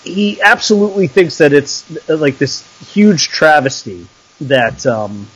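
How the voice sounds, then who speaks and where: Laid-back guy co-hosting a sports chat, husky voice, bit high. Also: very animated, unhurried, fairly bright tone, rough recording. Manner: laid-back, short reactions. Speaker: podcast co-host.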